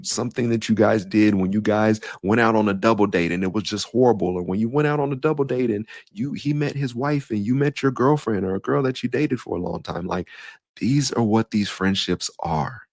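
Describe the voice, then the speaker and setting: A man's voice: fairly low pitch, dry recording, clean studio sound. A man hosting a solo podcast as a life coach, talking in an earnest, conversational way with casual slang and frequent restarts.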